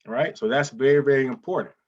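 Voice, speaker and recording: A man teaching real estate wholesaling in a live webinar, energetic and repetitive, often saying "listen, man". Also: mid-range voice, fast talker, lo-fi sound.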